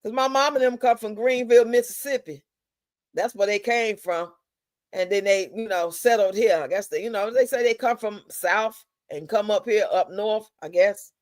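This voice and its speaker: A woman's voice: mid-range voice, moderate pace, a little mellow, no echo. Woman, live-stream host, casual gossip, drawling and profane, dry sound. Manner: blunt, profane, drawling and chatty.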